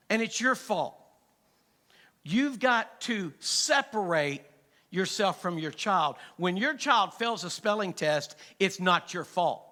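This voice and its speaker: Animated, bright-voiced preacher. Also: male voice, very high voice. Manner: humorous storytelling, animated, swings from soft to loud. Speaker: pastor. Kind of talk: sermon. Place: church sanctuary.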